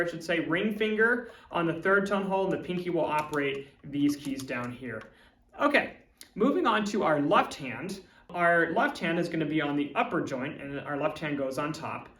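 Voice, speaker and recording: A man's voice: high voice, fairly bright tone, distant mic. A man, a music teacher, explaining step by step in an instructional video lesson. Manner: clear step-by-step demonstrating. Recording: roomy echo, from off-mic.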